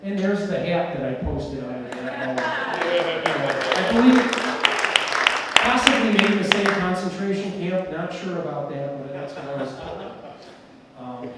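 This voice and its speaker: A man, an architect, giving an animated talk at an event, telling stories and sometimes shouting and laughing. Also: fairly high pitch, a little slow, slight background noise. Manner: animated storyteller who shouts and laughs at slides. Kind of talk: conference presentation. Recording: echoey hall from far off.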